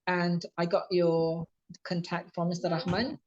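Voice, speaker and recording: A man's voice: high voice, flat delivery, measured pace. An Indonesian man who teaches English, hosting a video call interview, polite and eager with many fillers. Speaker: English course teacher, host. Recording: dull muffled call audio.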